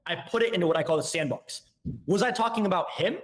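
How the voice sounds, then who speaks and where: A young man, a guest on a casual podcast, explains sales tactics in a lively way and acts out both sides of a call. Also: high-pitched. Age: young adult. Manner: rapid, animated explaining, acting out both sides of calls.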